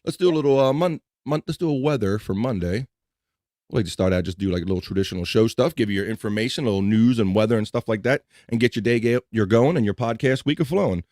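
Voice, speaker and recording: A man's voice: medium pitch, animated, quick pace, a little mellow, no room sound, studio quality. A man with a slight Mid-Atlantic American twang hosting a live podcast show, chatting casually and restarting his sentences as he goes. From Mid-Atlantic United States. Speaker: podcast host. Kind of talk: casual live-stream chat.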